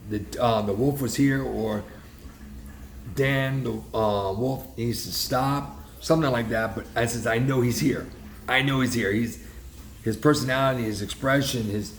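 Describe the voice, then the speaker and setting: A man tells a story in a loose, casual vlog way, emphatic and rambling, with his sentences often restarting midway. His voice sits at an ordinary middle pitch. The recording carries a roomy echo and a faint wash of ambience behind him. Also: a little hiss or hum. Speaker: realtor vlogger.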